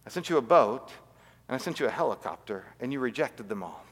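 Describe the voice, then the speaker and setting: A man voicing God in a retold parable, speaking calmly and softly. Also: mid-range voice, fast talker, breathy edge, in a large hall, voice pushed down. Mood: gently reproachful. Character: God answering a drowned man, calm.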